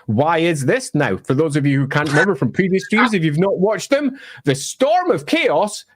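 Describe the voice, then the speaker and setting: A man's voice: on the high side, big pitch swings, normal speed. A Scottish man explaining fantasy game lore in an emphatic, wry, opinionated way. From Scotland. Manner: emphatic, wry, bursts into mock voices. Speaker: lore presenter.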